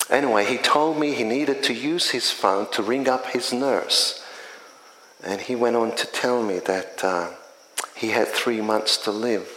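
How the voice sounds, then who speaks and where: A middle-aged man, a chaplain, shares his testimony in a slow, earnest, measured voice that sits fairly low. The sound carries a long hall reverb with faint ambience underneath. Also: fairly bright tone. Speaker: community chaplain. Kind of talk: spoken testimony.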